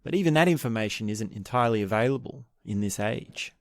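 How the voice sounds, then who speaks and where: A man's voice: fairly low pitch, lively intonation, fast talker, no room sound, studio quality. A man hosting a book podcast, retelling a historical story in a casual, thinking-aloud way with restarts and asides. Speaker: podcast host.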